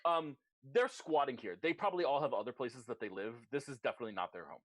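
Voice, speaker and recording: A man narrating as game master in an online tabletop game, animated and quick to put on voices. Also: medium pitch, no room sound.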